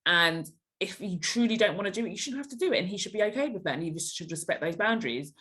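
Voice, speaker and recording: A woman's voice: medium pitch, fast. A young woman as a podcast guest, giving blunt, emphatic advice in a casual chat. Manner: emphatic, blunt, animated reactions.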